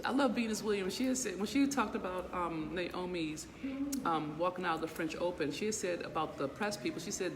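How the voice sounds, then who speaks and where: A woman's voice: fairly low pitch, brisk. A middle-aged woman, an inspirational speaker and business mentor, giving a blunt, profane motivational talk to a live audience, checking in with them again and again. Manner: emphatic, blunt and profane, full of rhetorical check-ins. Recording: long reverb with faint background noise.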